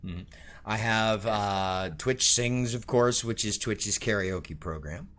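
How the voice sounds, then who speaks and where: A man's voice: lowish voice, slow pace, a bit bright. A man hosting a stream, chatting casually with jokes and swearing as he rambles about music and games. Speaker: streamer and show host.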